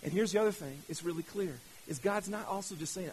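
A male pastor preaching with rising fervor, his voice sitting unusually high. He stammers and restarts phrases as he gets fired up. A faint hiss runs under the recording. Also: animated, fast talker, darkish tone, rough recording. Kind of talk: sermon.

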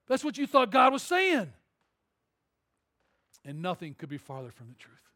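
A high-voiced male pastor, preaching to his congregation. He tells a story with jokes, then builds to emphatic, rising calls. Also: very animated, moderate pace, fairly bright tone. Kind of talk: sermon.

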